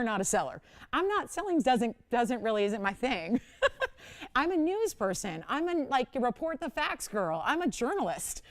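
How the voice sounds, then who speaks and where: A middle-aged woman hosting a live jewelry shopping show, chatty and self-mocking, laughing often as she talks up each piece. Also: high voice. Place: TV shopping studio.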